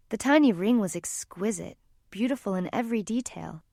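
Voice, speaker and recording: A woman narrating a fantasy audiobook in a calm, even storytelling manner. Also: mid-range voice, normal speed, vocal fry, no echo, clean studio sound. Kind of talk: scripted narration.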